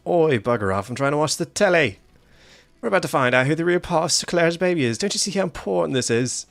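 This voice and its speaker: A man voicing a brash, teasing British-accented animatronic in a high voice that slips toward Australian. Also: lively intonation, fast, creaky, faint music behind. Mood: cheeky. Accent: put-on British slipping toward Australian.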